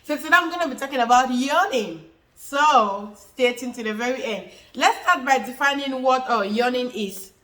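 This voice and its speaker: A woman's voice: high-pitched, normal speed, pushed and bright, echoey room, low-quality recording. A woman giving a casual health explainer, repeating herself often, with many fillers and chatty asides.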